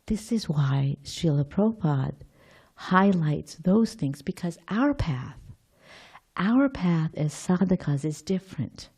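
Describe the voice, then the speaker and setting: A woman's voice: lowish voice, expressive, slow pace, a little mellow, slightly rough. A woman giving an informal scripture class, thinking aloud, quizzing her listeners and often restarting her sentences.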